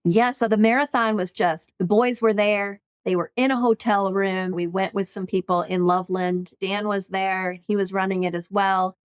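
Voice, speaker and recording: A woman in her fifties, a podcast guest, telling a personal story in an animated, excited way. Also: mid-range voice, moderate pace, few pauses, clear, resonant tone, no room sound. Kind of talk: casual storytelling.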